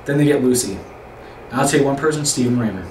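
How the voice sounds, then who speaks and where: A man's voice: mid-range voice, fast talker. Man leading a youth group talk. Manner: rambling, repeats words, asks the group questions. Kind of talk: informal youth group teaching. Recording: roomy echo, distant mic, faint room noise.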